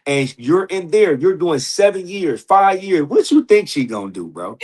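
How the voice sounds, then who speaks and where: Animated man telling stories, slangy. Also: high-pitched, normal speed, slightly rough. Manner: animated, slangy, laughs often, acts out quoted people. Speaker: podcast guest. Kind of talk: casual storytelling.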